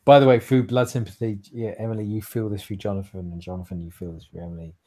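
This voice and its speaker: A man narrating a tabletop role-playing game as game master, casual and swearing freely, with quick asides to the players. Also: on the low side, steady tone, warm tone, a little hiss or hum.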